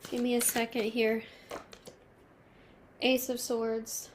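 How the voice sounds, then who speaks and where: A woman reads tarot cards to her viewers in a soft, consoling voice that sounds close to tears. She slows down when she names a card, and faint noise sits under her voice. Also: fairly high pitch, completely flat delivery. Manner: soft, emotional, reassuring, slow at card pulls. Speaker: tarot reader. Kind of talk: intimate tarot reading to camera.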